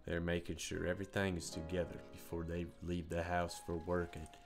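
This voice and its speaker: A man voicing a gruff country fisherman with a put-on American country accent, drawling folksy talk on a live stream. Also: low-pitched, monotone, brisk, over music. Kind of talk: live stream role-play.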